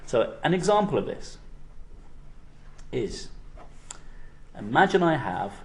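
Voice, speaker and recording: A man's voice: mid-range voice, big pitch swings, slow. Man giving a physics lecture. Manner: explanatory, frequent "okay?" checks. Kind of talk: university lecture.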